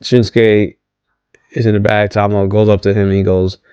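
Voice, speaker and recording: A man's voice: fairly low pitch, flat delivery, moderate pace, darkish tone, clear, resonant tone, dry recording, dull audio. A man casually recapping a wrestling show, rambling with many ums, restarts and questions to viewers. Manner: rambling, hesitant, many ums and self-corrections; asks viewers to comment.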